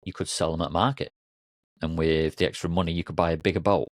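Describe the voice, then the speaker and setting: A man's voice: steady tone, fast, dry recording, clean studio sound, natural voice. A man voicing a pushy city businessman who talks eagerly and persuasively. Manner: eager and persuasive, rising in pitch. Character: pushy male city businessman, fast-paced.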